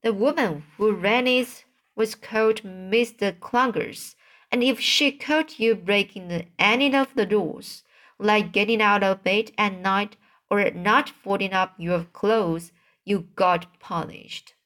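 A woman voicing a young orphan girl who answers plainly and calmly. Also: mid-range voice, slow pace. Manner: matter-of-fact.

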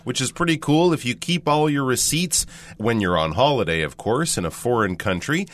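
A man co-hosting an English lesson, upbeat and animated, often agreeing before he explains. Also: mid-range voice, normal speed. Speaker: English teacher and co-host.

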